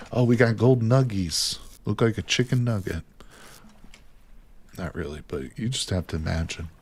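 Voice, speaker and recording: A man's voice: lowish voice, moderate pace, slightly rough. A man chatting casually with his viewers while he plays a game. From United States. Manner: chatty, talks to viewers as "people". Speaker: streamer. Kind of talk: casual gameplay commentary with chat.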